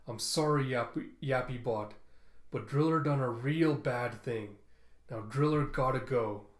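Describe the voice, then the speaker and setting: A man voicing a simple-spoken male brute who talks slowly in broken grammar, in a comic read-aloud. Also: mid-range voice, close to an everyday voice. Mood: regretful. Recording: roomy echo.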